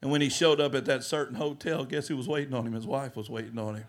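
A male pastor preaching a sermon, telling a story and acting out the dialogue, swinging from hushed lines to loud ones. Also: medium pitch, steady tone, fast talker.

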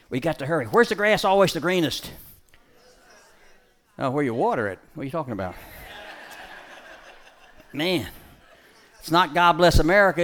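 Man shouting dog commands. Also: on the high side. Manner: shouts dog commands in bursts, then drops to a soft, preachy tone; jokey crowd banter. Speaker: dog trainer and show presenter. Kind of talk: live dog-training show with preachy asides.

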